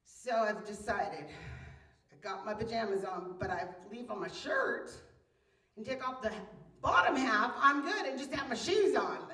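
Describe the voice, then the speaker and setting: A woman in her fifties, a mother, telling a comic story with animated, exaggerated delivery that swings between hushed and loud. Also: a little high, unhurried. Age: 50s. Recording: roomy echo, mic far off.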